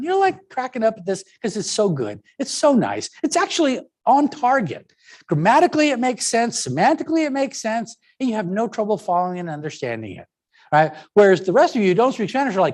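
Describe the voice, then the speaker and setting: A man with a brisk, high-sitting voice gives a lecture presentation on education and language. He's animated, stressing words to demonstrate and drive home his points.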